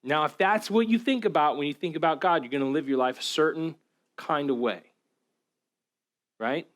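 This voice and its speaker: A pastor giving a relaxed, conversational sermon, talking casually with lots of fillers and repeated words. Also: male voice, a little high, moderate pace. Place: church.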